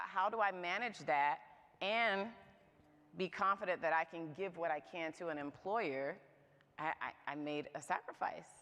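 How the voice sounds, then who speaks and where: A woman with a somewhat low voice gives a candid, humorous motivational talk to a live audience. Her voice rings out with a long reverb in a church hall. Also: fairly bright tone. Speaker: speaker at a moms' event.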